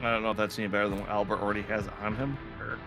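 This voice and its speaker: A man's voice: lowish voice, flat delivery, very fast. A man chatting casually while co-playing a role-playing game, with small restarts as he thinks aloud. Game music runs in the background. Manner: casual, hesitant. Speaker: guest co-player.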